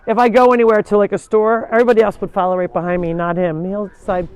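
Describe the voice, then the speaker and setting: A woman's voice: mid-range voice, flat delivery, fast talker, a little mellow, smooth, lo-fi sound. A woman hosting a casual live tour of an animal sanctuary, chatting and breaking off to call animals over. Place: outdoors at a farm.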